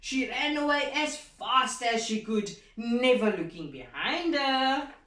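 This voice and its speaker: A woman teacher reading a story aloud to children, animated and expressive, pausing to quiz the class. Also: on the high side. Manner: animated, slow and expressive, asks the class questions. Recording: echoey room from far off.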